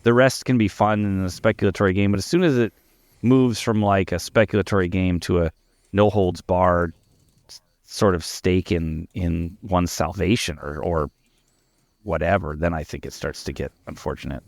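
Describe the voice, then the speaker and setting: A man co-hosting a casual discussion podcast, telling a story in an animated way. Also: low-pitched, normal speed, creaky, no echo. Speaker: podcast co-host.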